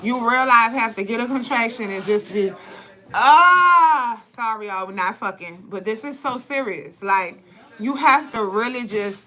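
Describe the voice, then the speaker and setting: A young woman telling birth stories and giving advice in blunt, profane, animated casual talk. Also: fairly high pitch, normal speed, low-quality recording. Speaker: vlogger, birth advocate. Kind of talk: candid casual talk to camera.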